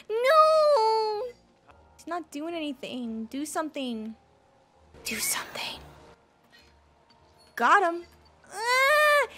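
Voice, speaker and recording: A woman's voice: very high-pitched, bright, forceful tone. A young woman giving playful let's-play commentary, bubbly and jokey, squealing and gasping at cute moments. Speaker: gaming video creator.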